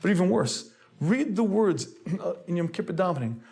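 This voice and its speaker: A man, a rabbi, preaching a sermon in an earnest, lecturing way, often clearing his throat as he goes. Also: high voice, big pitch swings, moderate pace, darkish tone.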